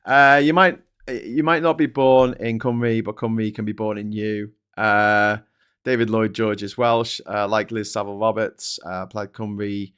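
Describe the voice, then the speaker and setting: A man with a Scouse accent hosting a political livestream, talking in an excitable, sweary, rambling way. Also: lowish voice, unhurried, smooth. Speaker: livestream host. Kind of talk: casual political livestream chat.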